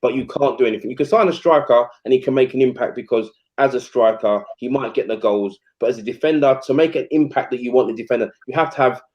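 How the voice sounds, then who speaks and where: A man tells stories from his playing days in a loose, animated way. He acts out other people's lines and piles on fillers. The sound is dull and a little lo-fi. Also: mid-range voice, fast, hardly any pauses. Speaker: former footballer guest. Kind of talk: casual storytelling chat.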